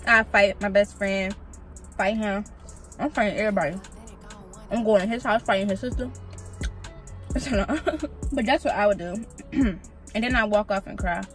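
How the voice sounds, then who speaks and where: A woman's voice: mid-range voice, poor audio. A young woman vlogging a casual mukbang, talking bluntly and profanely while she eats. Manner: blunt, profane, animated storytelling while eating. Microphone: vlog camera.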